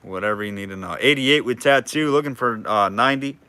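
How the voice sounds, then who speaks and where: Male auctioneer for a live online sale, chatty and jokey, bright forward voice, calls bids in between banter. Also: medium pitch, fairly quick, smooth, no echo. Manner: chatty, jokey, reads out bids and names viewers.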